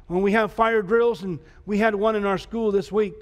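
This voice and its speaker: A man's voice: sits high, steady tone, normal speed, hardly any pauses. A man preaching a sermon as pastor, emphatic, with repeated rhetorical questions to the congregation. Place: church sanctuary. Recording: church hall reverb.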